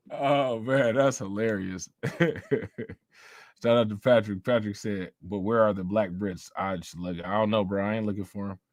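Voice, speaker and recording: A man's voice: lowish voice, a little mellow, no room sound. Laid-back, laughing man streaming live. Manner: loose and profane, laughs often, repeats himself. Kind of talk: casual live-stream commentary.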